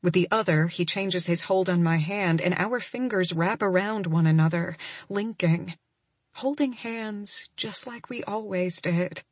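A woman's voice: on the low side, a little slow, no echo. A woman narrating a first-person romance audiobook in an intimate, emotional reading.

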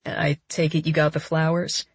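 A woman narrator voicing a confident, generous man who teases and insists calmly, her voice a little lower than her own. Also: moderate pace, slightly rough, no echo. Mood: teasing.

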